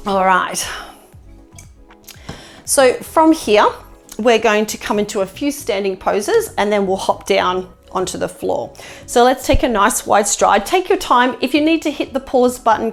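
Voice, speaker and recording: A woman leading a yoga class, giving calm, encouraging cues with casual fillers, slightly out of breath. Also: mid-range voice, vocal fry. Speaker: yoga instructor. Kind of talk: guided yoga class instruction.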